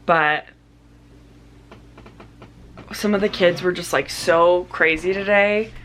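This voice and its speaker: A young woman chats her way through a casual vlog, her voice sitting fairly low. She rambles with plenty of fillers and restarts. A faint hiss runs under the recording. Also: takes it slowly, a bit bright. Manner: chatty, rambling, lots of fillers. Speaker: vlogger and teacher.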